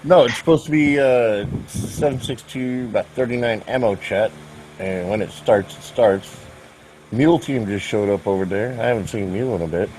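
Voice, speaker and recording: Brief: deep-ish man, dry joking storyteller, faint hum in the background. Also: moderate pace, darkish tone, low-quality recording. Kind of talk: casual voice chat.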